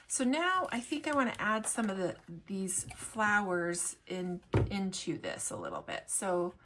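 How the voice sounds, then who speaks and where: A woman's voice: mid-range voice, sing-song, measured pace, very noisy. Chatty woman explaining a collage project. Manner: chatty, rambling, lots of fillers and restarts. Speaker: collage artist and shop owner. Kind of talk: crafting tutorial.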